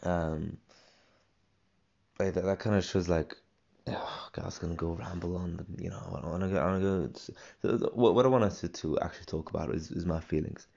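Young male podcast host, rambling and halting, deep fry-heavy voice, slightly dull recording. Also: a little mellow. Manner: rambling, halting, many restarts and fillers. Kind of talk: solo casual podcast monologue.

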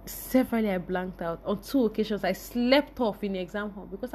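Young woman, vlogger, emotional personal storytelling, animated delivery, mid pitch. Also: brisk, few pauses. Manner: emotional, animated, addresses viewers directly.

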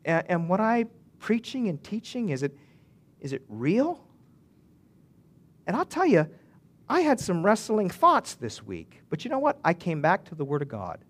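A man's voice: high-pitched, huge pitch swings, moderate pace. A male pastor preaching a sermon in an earnest way, building to emphatic swells and often restarting his phrases.

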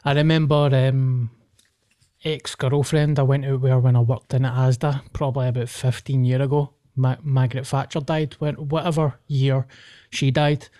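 Blunt Scottish podcast host. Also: male voice, mid-range voice, little pitch movement, moderate pace, warm tone. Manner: blunt, swearing. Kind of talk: casual comedy podcast chat.

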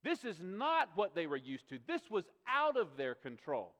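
A man's voice: high-pitched, huge pitch swings, moderate pace, fairly bright tone. A male pastor preaching a sermon, emphatic and repetitive, asking rhetorical questions of his congregation. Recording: long reverb of a large hall.

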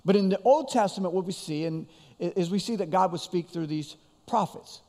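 A man's voice: sits high, brisk, dark tone, big-room sound. A man preaching a sermon as pastor, in a conversational way with frequent repeated words and restarts.

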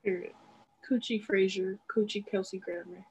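A woman's voice: medium pitch, steady tone, normal speed, darkish tone, slight background noise, rough recording. A woman in casual chat with friends, teasing and playing a rhyming word game.

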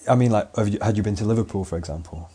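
Low, mellow-voiced Lancashire man chatting. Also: rapid-fire, husky. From northwest England. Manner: relaxed, chatty, trails off in fillers. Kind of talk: casual chat.

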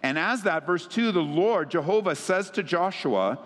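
A fairly high-voiced male pastor preaching a sermon with lively swings in pitch. He sounds like he is in a church sanctuary, with long hall reverb trailing each phrase. His delivery is animated and energetic. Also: normal speed.

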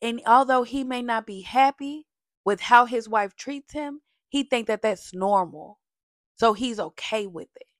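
A woman giving a casual, sassy recap of a reality TV show, animated and full of slang, jumping between topics. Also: on the high side, measured pace, dry recording, studio quality.

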